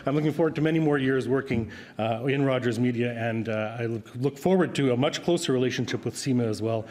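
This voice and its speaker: A middle-aged man who grew up speaking Ukrainian, giving an earnest acceptance speech with halting fillers. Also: medium pitch, a little mellow. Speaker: award recipient, radio broadcaster. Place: large banquet hall. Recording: long hall reverb.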